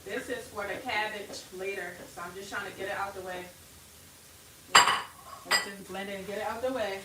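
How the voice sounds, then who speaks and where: A woman's voice: medium pitch, steady tone, moderate pace. A woman chatting casually with lots of fillers while she cooks in a home kitchen. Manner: chatty, rambling with many fillers. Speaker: cooking vlogger. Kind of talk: casual cook-along chat. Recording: echoey kitchen with cooking noise. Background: frying sizzle and kitchen clatter.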